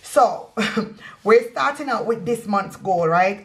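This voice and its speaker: A woman's voice: mid-range voice, animated, takes it slowly. Woman, young adult, Caribbean accent, sassy, chatty, casual vlog talk. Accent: Caribbean, West Indian patois in places. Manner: sassy, chatty, laughing, switching into patois. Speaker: budgeting vlogger. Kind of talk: casual chat to camera.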